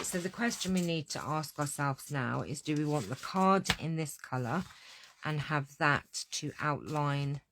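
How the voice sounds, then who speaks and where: Slow, chatty woman crafting. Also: deep voice, noisy background. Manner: chatty, talks to herself while working, scatterbrained. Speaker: card-making tutor. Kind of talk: hands-on craft tutorial.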